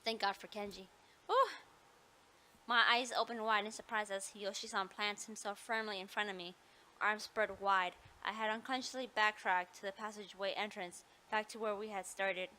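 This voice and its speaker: A woman's voice: medium pitch, steady tone, normal speed, sharp tone. A woman playing a visual novel, reading the story aloud and breaking off with apologetic, joking asides. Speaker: video game player.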